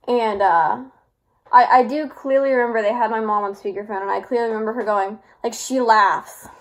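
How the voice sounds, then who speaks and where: A woman's voice: on the high side, fairly even intonation, normal speed. A young woman telling a personal story in a casual, rambling way, full of fillers and little laughs. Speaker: vlogger.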